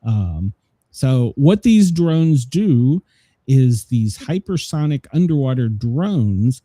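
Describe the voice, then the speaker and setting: A man's voice: mid-range voice, big pitch swings, takes it slowly, warm tone, no echo. A man hosting a casual news commentary show, rambling with many fillers and laughing at his own jokes. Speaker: show host.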